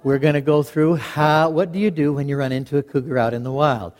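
A man telling a folksy story to a live audience in a lively, animated way, chuckling as he goes. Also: fairly high pitch, a little fast. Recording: long hall reverb.

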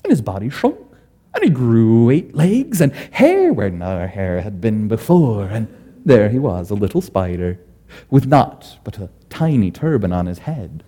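Husky, animated male storyteller. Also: lowish voice, unhurried. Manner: animated, playful, swinging from whispers to bursts. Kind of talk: oral storytelling.

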